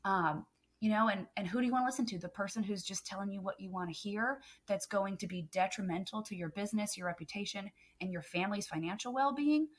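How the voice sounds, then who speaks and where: A woman's voice: mid-range voice, fast. A woman photographer on a podcast, talking earnestly and emphatically with many "um" fillers. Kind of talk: casual podcast chat.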